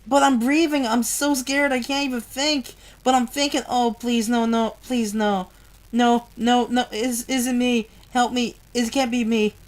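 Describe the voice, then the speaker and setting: A frightened young man cries out for his mother in broken, desperate pleas, as a woman reads him from a novel. The words come slowly, in a voice pitched a little high. It is a storybook reading. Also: steady tone, natural voice. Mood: panicked. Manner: desperate, halting pleading.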